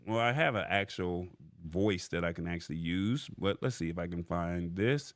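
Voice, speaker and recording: A man's voice: fairly low pitch, expressive, normal speed. A man hosting a live tech show, reading from an article and paraphrasing it in casual chat, tagging his points with "all right?". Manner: chatty, repeats "all right?" often.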